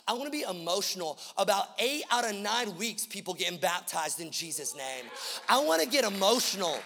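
A man preaching from a pulpit, his voice high and gravelly, impassioned and repetitive, dropping to a hush and then climbing loud. The sound carries the long reverb of a big church hall. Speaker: pastor. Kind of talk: sermon. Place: church auditorium.

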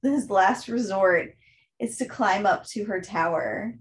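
Woman doing casual book chat, lots of fillers, mid-pitched voice. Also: slow pace, faint music behind. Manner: chatty plot recap with many fillers. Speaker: book podcast co-host.

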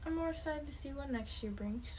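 A young woman, a college soccer player, co-hosting a casual podcast with teammates, laughing often and chiming in with quick agreement. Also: high-pitched, darkish tone, slight background noise. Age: young adult. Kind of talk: casual chat.

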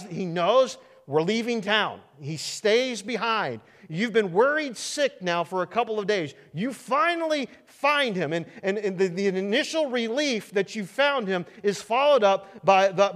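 A Midwestern American pastor preaches to his congregation in a fairly high voice. His pitch swings widely as he works through restarts and rhetorical questions. The sound carries the long echo of a large church sanctuary. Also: fairly bright tone. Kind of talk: sermon.

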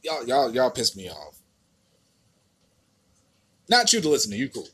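A man's voice: mid-range voice, wildly swooping pitch, a little slow, fairly bright tone, husky. A man with an American accent hosting a podcast, ranting in a casual, exasperated and profane way with many restarts. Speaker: podcast host.

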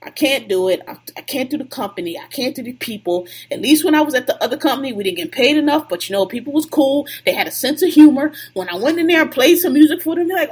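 A woman's voice: high voice, animated, brisk, a little mellow. A woman on a podcast venting at length in a heated, profane, casual rant.

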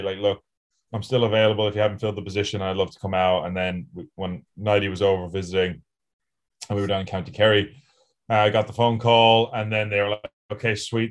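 A man's voice: lowish voice, quick pace. Man telling rugby stories. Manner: relaxed storytelling with frequent fillers and laughs. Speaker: podcast co-host, rugby sevens player. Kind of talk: casual podcast chat.

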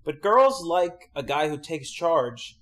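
A man's voice: on the high side, big pitch swings, takes it slowly, fairly bright tone. Rambling man telling a story. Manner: rambling, many fillers like "like". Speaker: podcast co-host. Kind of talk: casual crude storytelling chat.

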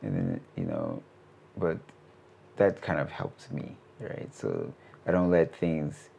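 A man in his thirties talks through interview answers in a casual, meandering way, stopping and restarting his sentences. His voice sits very low, with a gravelly fry running through it. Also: slow pace, slight background noise. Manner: relaxed, rambling, many fillers and restarts. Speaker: animation studio CEO, interview guest.

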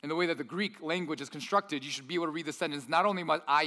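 A pastor preaching a sermon with lively storytelling, acting out the quoted lines himself. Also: male voice, fairly high pitch, racing, hardly any pauses, long reverb tail. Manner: animated storyteller, acts out quotes.

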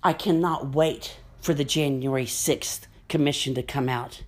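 A woman's voice: rumbling low, steady tone, moderate pace, slightly rough. A woman delivering an angry, profane political rant straight to camera, cutting and bitter.

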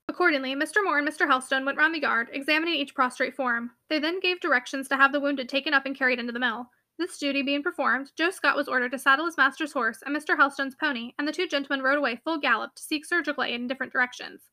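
A woman narrates a classic novel at a brisk clip, her voice high and bright. In the dialogue she drops to soft, hushed tones that lift expressively. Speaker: audiobook reader.

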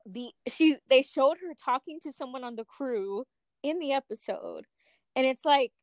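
A woman's voice: sits high, lively intonation, moderate pace, a little mellow, no echo. A woman co-hosting a casual chat show, catty and emphatic, swearing freely as she picks apart a reality show contestant. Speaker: podcast co-host.

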